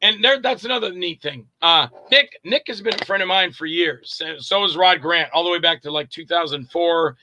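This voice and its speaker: A middle-aged man, an actor and director, telling anecdotes in a casual interview, animated and acting out quoted voices. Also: high-pitched, normal speed, few pauses, poor audio.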